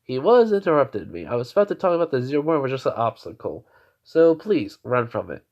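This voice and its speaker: An excitable male teacher, as a man puts him on, delivered in a loose, halting way. The voice sits in an ordinary middle pitch. It comes through a dull, lo-fi recording. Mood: excited.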